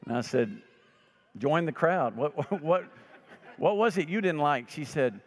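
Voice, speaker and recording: A man in the pulpit, preaching with a fairly high voice and acting out the people in his stories. His sermon rings with the long reverb of a church sanctuary. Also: expressive, normal speed. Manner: preaches by telling anecdotes and voicing the people in them. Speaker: pastor.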